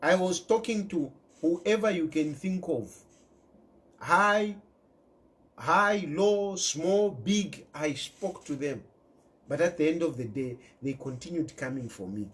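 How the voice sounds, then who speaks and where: Zambian male commentator speaking straight to camera, insistent and lively in pitch. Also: a little slow. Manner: emphatic, repeats key phrases, mixes in local words. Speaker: political commentator. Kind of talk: impassioned direct-to-camera commentary.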